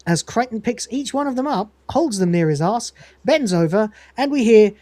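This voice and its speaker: A man's voice: high-pitched, animated, normal speed, mellow, dry recording. A man hosting a podcast, recapping an episode in a rambling, casual way and acting out the lines. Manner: rambling, laughs often, acts out quotes. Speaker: podcast host.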